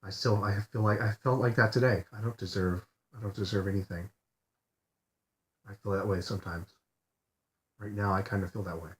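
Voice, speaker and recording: Quiet depressed man, halting and low. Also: steady tone. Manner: quiet, halting, repeats himself and swears often. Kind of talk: personal video diary. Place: lying in bed.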